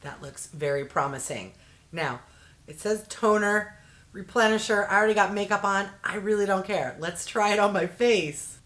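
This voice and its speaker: A woman's voice: mid-range voice, normal speed, a bit bright. A middle-aged woman chatting casually as she unboxes beauty products, easily delighted and making jokey asides. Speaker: unboxing vlogger.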